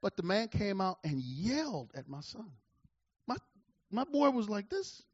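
Man in his forties, pastor, sermon, loud-to-hushed swings, fairly high voice, dry muffled sound. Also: very animated, unhurried, husky, no echo. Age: 40s. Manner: preacher with call-and-response asides, swinging between loud and hushed.

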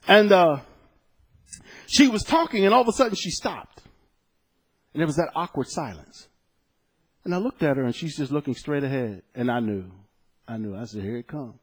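A man preaching a sermon as pastor, telling a personal story, swinging between loud exclaiming and soft, hushed storytelling. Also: medium pitch, sing-song, brisk, long pauses, breathy edge.

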